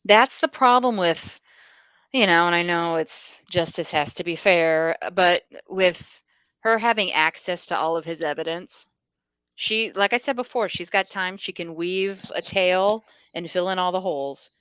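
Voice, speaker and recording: Podcast woman, low-ish smooth voice, dry close mic, chatty and agreeable. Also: a little slow, a bit bright, no echo. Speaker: podcast co-host. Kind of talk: casual chat.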